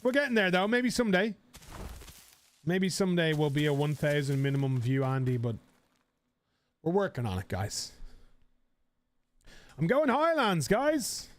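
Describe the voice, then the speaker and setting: A man's voice: fairly high pitch, lively intonation, normal speed, long pauses. Rambling, chatty male game streamer. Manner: rambling, swears casually, chatty with viewers. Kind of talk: live-stream casual chat.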